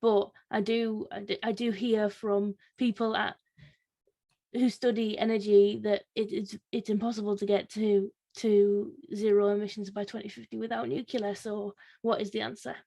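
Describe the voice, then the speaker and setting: A woman talks through a political panel discussion. She hesitates often, filling gaps with ums and restarting her sentences, and her voice sits at a middling pitch for a woman. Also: level tone, moderate pace, gravelly, mellow. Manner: hesitant, many fillers and restarts, laughs easily. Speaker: panel guest, Labour councillor.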